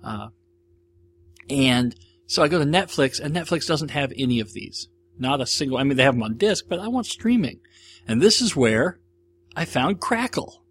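In an audio-only recording, an American podcast host rambles casually and eagerly through movie reviews on his own, frequently starting over mid-thought. His mid-range voice is animated and moderately paced, with slight background noise.

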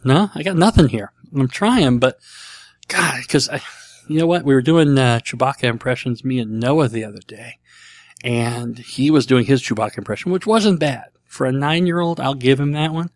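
A man's voice: medium pitch, moderate pace, no echo. A middle-aged man hosting a casual solo show, rambling and self-deprecating, with a dry throat. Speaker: podcast host answering listener questions.

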